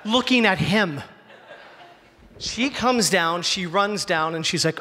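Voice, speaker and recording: A man telling a true personal story on stage before a live audience, animated and slowing down for punchlines. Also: high voice. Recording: hall reverb, faint ambience.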